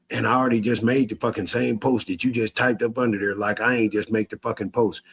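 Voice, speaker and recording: A man's voice: medium pitch, vocal fry, husky. A man in a profane livestream rant, cursing heatedly and mocking his critics with bursts of laughter. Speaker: social media streamer.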